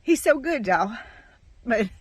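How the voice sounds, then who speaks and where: A woman's voice: on the high side, animated, takes it slowly, slightly rough, no echo. A middle-aged woman, sharing a heartfelt, emotional faith testimony on her farm vlog, rambling and saying y'all often. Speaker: farm vlogger.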